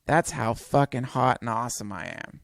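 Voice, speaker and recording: A man's voice: mid-range voice, expressive, moderate pace, creaky, no echo, clean studio sound. A man, the podcast host, reading a comic passage aloud as a dramatic, building story.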